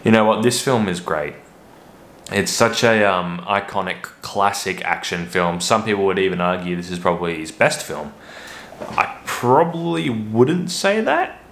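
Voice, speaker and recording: A man with a deep, low voice hosts a casual movie review vlog. His tone is bright and forceful, but his talk rambles, with stops and restarts along the way. The room around him rings with noticeable echo. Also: expressive, a little slow, a little hiss or hum. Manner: rambling, hesitant, many restarts. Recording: roomy echo.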